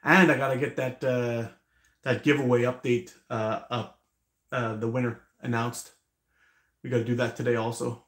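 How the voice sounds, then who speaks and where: A man's voice: medium pitch, level tone, moderate pace, fairly bright tone, roomy sound. A man hosting a casual live stream, rambling, laughing often and swearing freely.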